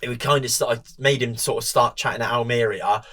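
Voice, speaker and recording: A man's voice: mid-range voice, steady tone, brisk, fairly bright tone. A man who races motorbikes, chatting as a podcast guest, telling rambling stories and swearing freely. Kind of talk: casual chat.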